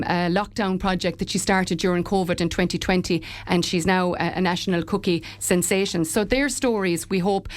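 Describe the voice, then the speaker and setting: A middle-aged woman, head of a local enterprise office, talking earnestly in a radio interview with frequent fillers and restarts. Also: on the low side. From Ireland.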